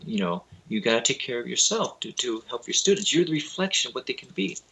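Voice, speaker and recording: Speaking fast at a medium pitch with a breathy edge, this man is interviewed as a spiritual teacher. He recounts lively anecdotes in a relaxed, grammatically loose way, voicing the people he quotes, and the audio is poor.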